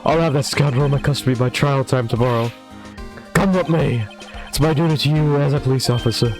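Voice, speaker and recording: A man's voice: medium pitch, a little fast, faint music behind, natural voice. A man voicing a dutiful male police detective in a game, earnest and determined.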